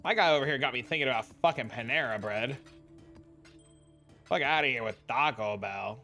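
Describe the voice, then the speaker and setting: Bright-voiced, profane young streamer guy. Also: medium pitch, moderate pace, soft background music. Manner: loose and heavily profane, peppered with dude and bro; excitable storyteller. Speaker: livestream host. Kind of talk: casual livestream chat with viewers.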